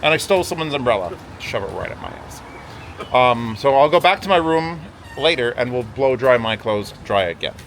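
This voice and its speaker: A man's voice: medium pitch, lively intonation, normal speed, crowd noise. A man hosting a casual vlog from a hotel room, rambling wryly and swearing often. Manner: rambling, profane and wry. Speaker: vlogger host.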